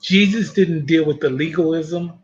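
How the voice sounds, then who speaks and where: Guy on a church panel, kinda higher voice, calm and thoughtful, audio sounds muffled. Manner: thoughtful, measured, speaks of faith and grace. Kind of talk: reflective faith discussion.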